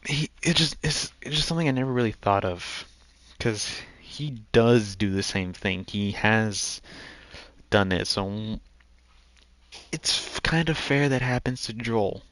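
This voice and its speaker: A man's voice: medium pitch, lively intonation, unhurried, fairly bright tone, dry recording. A man giving rambling let's-play commentary as he plays a video game, often restarting his sentences. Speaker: gaming video host.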